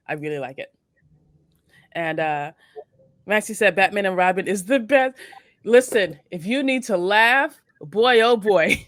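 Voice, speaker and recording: A woman's voice: mid-range voice, fairly bright tone, no echo. Joking woman co-host, dry close sound. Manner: playful, joking with mock seriousness. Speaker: co-host of a morning show. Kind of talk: casual chat.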